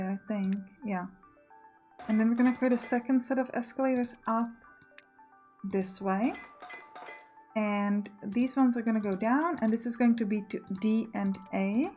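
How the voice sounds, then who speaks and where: Let's play host, female, higher voice, musing and self-correcting, soft music behind. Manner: thinking aloud, self-correcting. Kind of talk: casual gameplay commentary.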